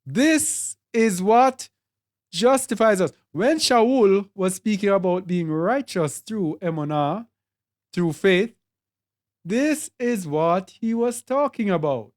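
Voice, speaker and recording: Jamaican accent, sermon, slow measured delivery, emphatic word lists, mid pitch. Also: animated. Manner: deliberate, repeats and lists words for emphasis. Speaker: Bible teacher.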